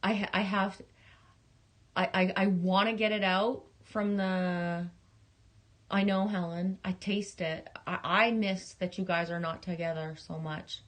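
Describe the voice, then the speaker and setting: Halting, rambling woman livestreamer. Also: lowish voice, steady tone. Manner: halting, rambling, with many restarts and swearing; affectionate, talking straight to viewers. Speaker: livestream host. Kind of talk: casual livestream chat reading viewer messages.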